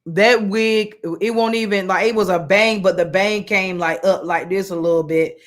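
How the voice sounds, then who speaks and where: A woman's voice: mid-range voice, steady tone, normal speed. A woman teaching a women's Bible study, telling a personal story in a casual sermon full of fillers and restarts. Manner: conversational, many fillers and restarts, colloquial.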